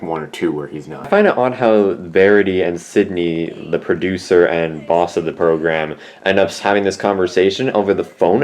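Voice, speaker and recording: A man's voice: deep voice, darkish tone. A man giving a casual, rambling and jokey review of a show at home, often correcting himself. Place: at home with a cat on his lap.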